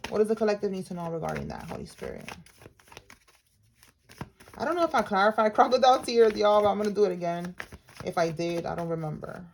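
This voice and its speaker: A woman's voice: medium pitch, rapid-fire, vocal fry, a little hiss or hum. A woman giving a casual tarot reading to her viewers, talking in a slangy, blunt way and calling them y'all. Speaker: tarot reader.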